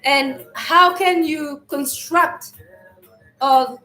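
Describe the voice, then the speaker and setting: Woman, high voice, loud, rambling, spiritual live stream, clears throat often, echoey room. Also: extremely slow, soft background music. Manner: loud, loose and rambling, speaks to viewers as family.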